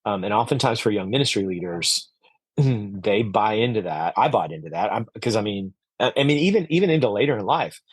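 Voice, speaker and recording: On the low side with lively intonation and a breathy edge, his voice moves a little fast in a dry recording. An orchard owner being interviewed as a podcast guest, he comes across as earnest and reflective, with many fillers and restarts.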